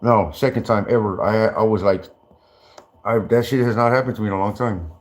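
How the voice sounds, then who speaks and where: A man's voice: fairly low pitch, fairly quick. A man telling stories in rambling, profane casual talk, stammering and restarting often and breaking into laughter. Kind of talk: casual storytelling.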